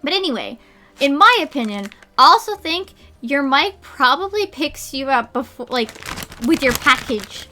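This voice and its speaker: A woman's voice: high-pitched, sing-song, normal speed, over music. A woman streamer chatting casually and rambling with lots of fillers while snacking. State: eating while talking. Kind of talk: casual chat.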